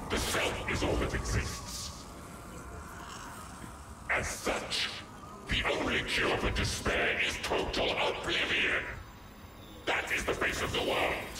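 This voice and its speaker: An actor playing a menacing, nihilistic male villain in a video game, with a gravelly, contemptuous delivery. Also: slow pace, long pauses, lightly acted. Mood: ominous. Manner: ominous, contemptuous, ranting. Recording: distant echoey game audio over loud music.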